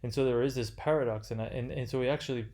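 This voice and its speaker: Male lecturer, mid pitch, halting delivery with many fillers and restarts, unscripted lecture. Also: fairly even intonation, a little mellow. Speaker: literature lecturer.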